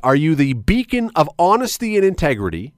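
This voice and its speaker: A radio talk show host with a voice on the high side speaks very animatedly and a little fast. He muses chattily while setting up a listener question, and the studio recording is clean and dry.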